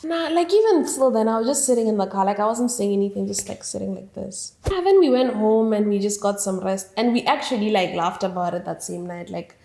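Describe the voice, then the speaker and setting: A young woman from southern Africa telling a casual storytime, animated, quoting people in a raised voice. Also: mid-range voice, a little fast, gravelly, hardly any pauses. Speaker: vlogger. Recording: echoey room.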